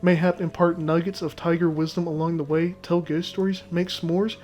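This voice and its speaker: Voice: medium pitch, little pitch movement, moderate pace, darkish tone, natural voice. A gamer voicing a boastful male cat sailor who talks in clipped pidgin phrases mixed with Japanese words. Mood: pompous.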